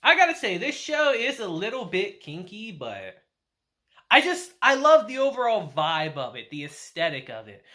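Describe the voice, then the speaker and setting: A young man talks through an anime episode in a chatty, offhand review, breaking into laughter every few lines. His pitch swings up and down all the time, and his tone is bright and forward. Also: normal speed. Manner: laughs often while recapping, chatty and animated. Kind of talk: casual episode recap and review.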